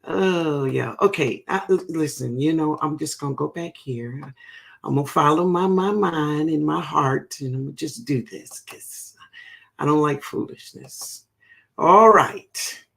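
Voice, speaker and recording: A woman's voice: deep voice, unhurried, gravelly, fairly bright tone. A woman hosting a gardening livestream, chatting casually and affectionately, calling viewers baby and honey.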